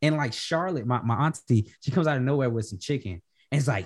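A man's voice: fairly high pitch, lively intonation, fast, hardly any pauses, breathy edge. A young man casually telling a long, profane family story on a podcast, acting out the dialogue. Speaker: podcast co-host.

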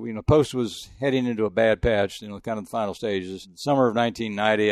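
Older man from Texas, ex-sportswriter; quick, gravelly, rambling storyteller, dry sound. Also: fairly low pitch, darkish tone, dry recording. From El Paso, Texas. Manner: fast, rambling anecdotes with many restarts. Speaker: retired sports journalist. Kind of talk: interview storytelling.

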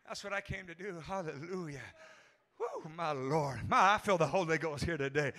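A man preaching a fervent sermon as pastor, swinging from hushed passages to shouted ones and breaking into tongues. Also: fairly high pitch, moderate pace. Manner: speaks in tongues between phrases.

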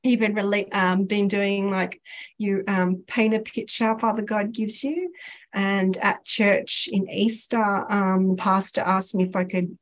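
A woman guest sharing a personal faith story in casual chat, animated and laughing often, acting out the voices she quotes. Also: medium pitch, measured pace.

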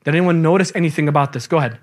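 A young man teaching a Quran class in a lively, casual way, quizzing his students as he goes. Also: a little high, racing. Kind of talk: classroom lecture.

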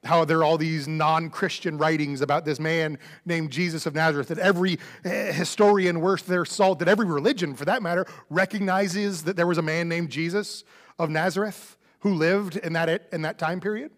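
A man with a fairly high voice preaches an Easter sermon in a church sanctuary. His delivery is conversational and animated, slipping into the voices of the people he quotes. The sound carries a long hall reverb. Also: moderate pace. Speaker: pastor.

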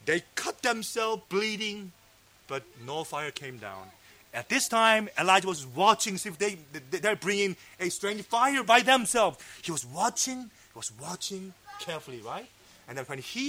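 A man preaching a sermon, fervent and emphatic, sometimes dropping to a low hush. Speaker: pastor. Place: fellowship meeting hall.

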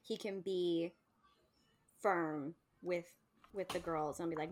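A woman with a fairly low voice co-hosts a casual podcast chat, speaking slowly and loosely. She laughs easily and swears casually as she chats.

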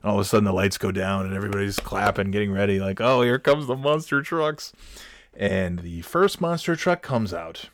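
A man telling a comic story in an animated, profane, self-mocking way. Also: fairly low pitch, brisk.

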